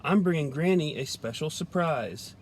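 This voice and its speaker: A man voicing a cheerful, polite little girl in a children's storybook, speaking in a bright, eager way. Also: a little high, lively intonation, normal speed, slight background noise, close to an everyday voice.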